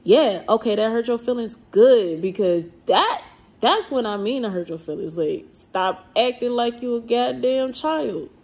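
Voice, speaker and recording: A woman, speaking to camera in a blunt, emphatic vlog rant. Her voice has a gravelly edge and a husky grain. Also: fairly high pitch, animated, measured pace, darkish tone. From New Orleans. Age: 30s. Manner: blunt and emphatic, with swearing and slang. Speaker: vlogger.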